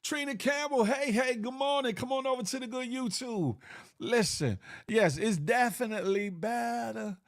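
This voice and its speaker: Hosting a casual morning live stream, a Southern US man reads chat comments aloud and laughs often, animated, with big swings in pitch. He talks at normal speed. The recording is dry and sounds like a clean studio.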